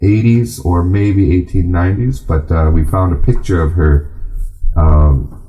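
A man teaching a class, speaking unhurriedly with many fillers and restarts, then reading aloud slowly to the group. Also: sits low, steady tone, warm tone, low-quality recording. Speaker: language and culture teacher.

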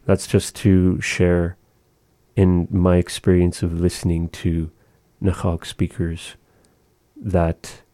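Slow, deep-voiced man teaching pronunciation. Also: completely flat delivery, mellow, no room sound. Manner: slow, careful, repeats and models pronunciations. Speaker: language teacher. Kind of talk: patient one-on-one language lesson.

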